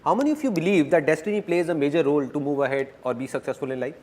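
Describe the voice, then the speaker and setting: A man giving a dubbed motivational seminar talk, speaking to the audience in an animated and playful way. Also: fairly high pitch, racing, lightly acted.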